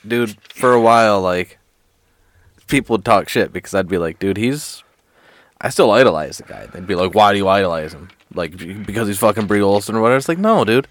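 A man's voice: on the low side, expressive, fairly quick. Laughing man in crude podcast banter. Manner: laughs a lot, says dude often. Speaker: podcast guest or host.

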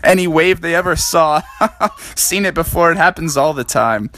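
A man voicing a smug, relaxed lifeguard in a bedtime story, talking in a dismissive, chuckling manner. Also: a little high, moderate pace, no echo.

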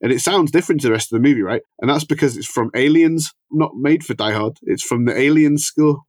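A man's voice: medium pitch, fairly quick, a little mellow, no echo. A man co-hosting a casual film podcast, talking through scenes and performances in detail. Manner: analytical, enthusiastic about film details. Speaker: podcast co-host.

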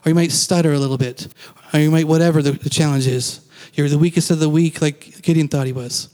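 A man's voice: a little high, fairly even intonation, quick pace, warm tone, in a large hall. A man giving a casual, conversational sermon as a pastor, acting out quoted lines and laughing now and then.

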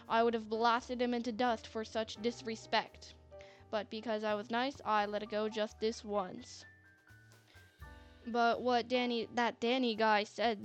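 A woman narrating a story in a chatty manner, with sarcastic asides. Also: fairly high pitch. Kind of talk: scripted narration. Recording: faint music bed.

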